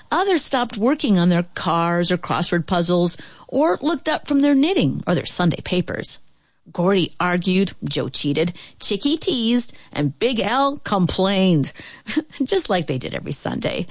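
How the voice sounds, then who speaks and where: Expressive woman reading a children's story. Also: mid-range voice, no room sound. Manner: expressive, rising and falling with the action.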